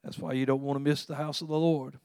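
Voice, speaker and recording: A man delivers a sermon in a conversational, earnest way. He restarts his phrases often and suddenly climbs in pitch and volume when he presses a point. The sound is dry and close, and his voice sits at an ordinary pitch. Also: level tone, fast talker, vocal fry, a little mellow, clean tone, no room sound. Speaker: pastor.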